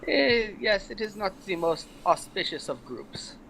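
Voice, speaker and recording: A man's voice: high voice, sing-song, measured pace, gravelly, bright, forceful tone, a little hiss or hum, poor audio. A man playing a tabletop game, speaking politely and formally in character. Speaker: player.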